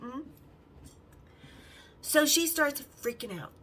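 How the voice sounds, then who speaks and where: A woman hosting a podcast, telling candid, bawdy stories in a lively, casual way and acting out the other people in them. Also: sits high, slow pace, poor audio. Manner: lively, acts out the others' lines in her story. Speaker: podcast host. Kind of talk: casual storytelling.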